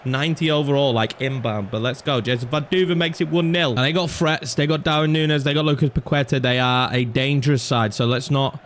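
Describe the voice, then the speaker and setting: A young man commentating over his own football video game, excitable and swinging from low muttering to shouts at chances and goals. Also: brisk, hardly any pauses, a little hiss or hum. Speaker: gaming YouTuber. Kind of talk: live commentary over gameplay.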